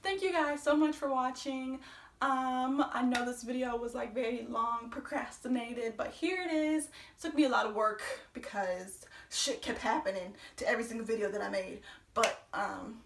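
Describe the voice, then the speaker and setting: A young woman telling a personal story on her vlog, animated and profane, acting out the quotes. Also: fairly high pitch, normal speed, echoey room, distant mic, slight background noise. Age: young adult. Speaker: vlogger.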